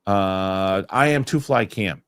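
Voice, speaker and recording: A low-voiced man hosts a live talk show and reads viewer comments aloud, one after another. He rambles and restarts his sentences, and he gets heated over small pet peeves. The sound is dry and close, with no room in it. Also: takes it slowly, a bit bright, smooth, no echo. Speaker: show host.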